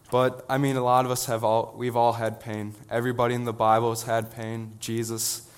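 An earnest teenage boy gives a sermon in a smooth, clean voice that sits fairly low. He talks in an even, level tone with little rise and fall, often stopping and restarting his sentences. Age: teens. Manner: earnest, halting, many restarts. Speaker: student preacher.

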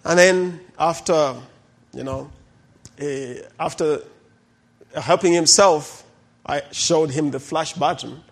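A man's voice: on the high side, takes it slowly, pauses often. A middle-aged man, a pastor telling stories in a sermon and acting out the people in them. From Uganda. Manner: animated storyteller who acts out the people in his stories. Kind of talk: sermon testimony storytelling.

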